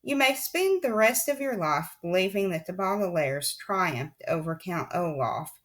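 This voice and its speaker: A woman's voice: fairly low pitch, animated, measured pace. A woman reading a children's novel aloud in a wry, confiding tone, often speaking straight to the listener. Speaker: audiobook reader. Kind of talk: audiobook narration.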